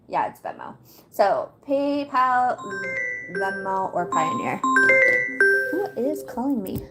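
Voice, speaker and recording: A woman hosting a live stream from home, walking viewers through a website in a chatty way and laughing often as she talks to her chat. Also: mid-range voice. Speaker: livestream host. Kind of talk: casual livestream walkthrough.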